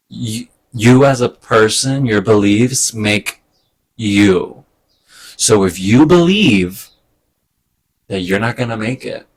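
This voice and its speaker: A man talking in a casual personal vlog, hesitant and rambling, getting emotional with soft laughs. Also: fairly low pitch. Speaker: vlogger. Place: indoors at home during a move.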